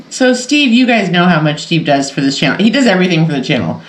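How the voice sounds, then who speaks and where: A woman's voice: fairly low pitch, sing-song, a little fast, reverberant, slight background noise, low-quality recording. A woman hosting a casual sew-along quilting vlog from her home sewing room, talking in a chatty, rambling way and laughing often. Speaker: quilting channel host.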